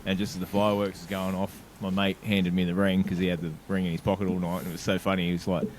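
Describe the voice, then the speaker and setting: Man, low voice, podcast co-host, chatty storyteller with lots of laughs, faint hiss. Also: level tone, fast. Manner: laughs often while telling stories. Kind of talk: casual storytelling chat.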